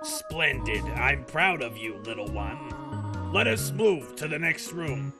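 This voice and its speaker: A man voicing a gentle, motherly caretaker woman, over loud game music. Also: medium pitch, expressive. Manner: slow, soft, motherly.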